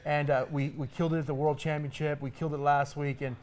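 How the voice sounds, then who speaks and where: Fast-talking, hyped-up man pitmaster. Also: fairly high pitch. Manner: emphatic, hyped-up, repeats words when excited. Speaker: competition pitmaster. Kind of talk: casual interview talk.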